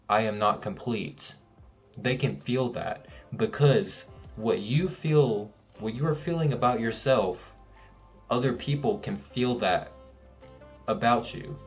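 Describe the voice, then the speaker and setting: Young male self-help speaker, low register, casual but insistent, faint music bed. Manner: earnest, repetitive, emphatic, swears casually. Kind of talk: casual motivational talk to camera.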